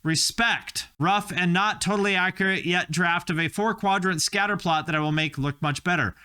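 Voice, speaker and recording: A man with a high, bright voice gives casual reaction commentary. He sounds opinionated and wry and often pokes fun at himself. His talk stays loose and conversational. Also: normal speed, clean tone. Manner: opinionated, wry, self-mocking. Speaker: host reacting to video clips.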